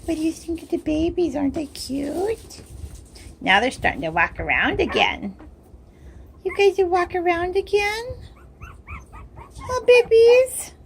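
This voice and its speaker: Very high, cooing woman. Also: very animated, moderate pace, creaky, slight background noise. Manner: cooing baby-talk to puppies. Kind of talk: home video narration. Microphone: handheld camera.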